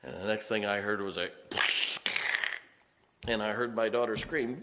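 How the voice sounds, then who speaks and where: A man's voice: lowish voice, normal speed, a bit bright, slight background noise. A middle-aged man pastor preaching a sermon, telling folksy stories and laughing often. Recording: reverberant hall.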